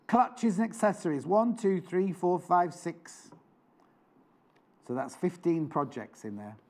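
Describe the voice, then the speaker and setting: A man's voice: high voice, lively intonation, measured pace, a little mellow. A man presenting on a live shopping channel, chatting with enthusiasm and jokes. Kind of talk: live TV sales chat. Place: TV studio.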